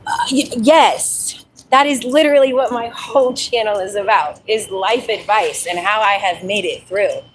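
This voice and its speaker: A woman, chatting casually on a live stream from a trail while out walking, lively and laughing often. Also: mid-range voice, normal speed, slight background noise, rough recording. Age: 40s. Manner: chatty, animated, laughs often, reads viewer comments aloud. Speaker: livestream host. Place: outdoor trail on a dog walk.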